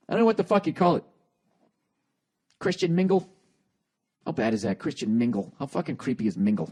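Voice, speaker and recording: Profane rambling comedy podcast host. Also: male voice, on the high side, a little mellow. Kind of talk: comedic rant monologue.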